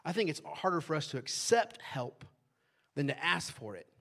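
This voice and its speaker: A man's voice: a little high, very animated, normal speed, creaky, fairly bright tone. A man preaching a sermon to a congregation, in a conversational way, often asking the audience questions and adding "right?". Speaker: pastor.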